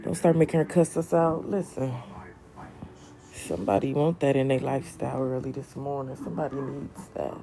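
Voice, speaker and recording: Reading viewer comments on a relaxed home livestream, a young woman chats in a sassy manner, addressing people as honey and queen. Her voice is a rumbling, creaky low, held steady at a moderate pace.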